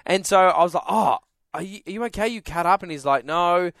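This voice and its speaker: A man's voice: sits high, brisk, creaky, no echo, studio quality. A young man hosting a radio show, telling a story with lots of acted-out voices. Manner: animated storyteller acting out voices. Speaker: radio host. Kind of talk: casual chat.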